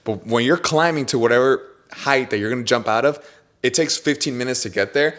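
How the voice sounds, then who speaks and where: A young man at an ordinary middle pitch tells a story on his podcast in loose, casual chat. He is animated and slangy, dropping bro and dude as he goes. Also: fairly quick. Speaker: podcast host.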